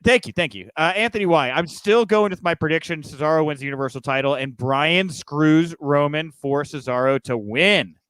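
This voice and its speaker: A man's voice: on the high side, normal speed, few pauses, fairly bright tone, clean tone, no room sound. A man hosting a live podcast, chatting casually and joking as he reads viewer comments. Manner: loose and joking, with frequent fillers. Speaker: podcast host.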